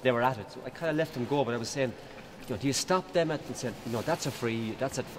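A man's voice: mid-range voice, fast talker, long reverb tail, noisy background. A man, a coach at a workshop, asking a casual, somewhat hesitant question.

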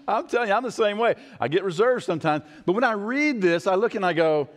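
A man preaching a sermon as pastor, conversational and animated, asking the congregation rhetorical questions. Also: high voice, a little fast. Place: church sanctuary. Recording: long hall reverb.

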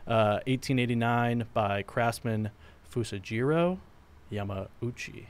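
A man's voice: mid-range voice, takes it slowly, smooth. A man co-hosting a live podcast, chatting casually in an easygoing way. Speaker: podcast co-host.

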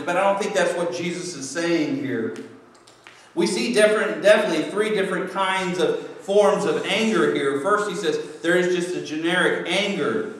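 Man preaching, high voice, far from the mic, echoey church sanctuary, conversational. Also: normal speed, a bit bright. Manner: conversational, jokey, acts out quoted excuses. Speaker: pastor. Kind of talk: sermon.

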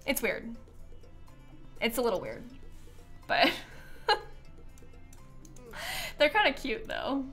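A woman's voice: a little high, wildly swooping pitch, slow pace, pauses often, fairly bright tone, faint music behind. A young woman from Florida, a streamer chatting casually while she plays, rambling and laughing often. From Florida, USA. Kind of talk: casual chat while playing a game.

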